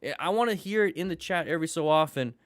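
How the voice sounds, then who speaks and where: A man's voice: a little high, animated, fast talker, a bit bright, no echo. A man teaching a live-streamed motorcycle class, joking with viewers and coaching in an upbeat way. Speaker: motorcycle riding instructor. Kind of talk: live-streamed class reviewing riding videos.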